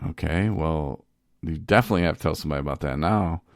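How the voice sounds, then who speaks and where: Podcast host, male, deep and gravelly, rambling casual storyteller, dry close mic. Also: fast, no echo. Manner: rambling, animated, laughs often.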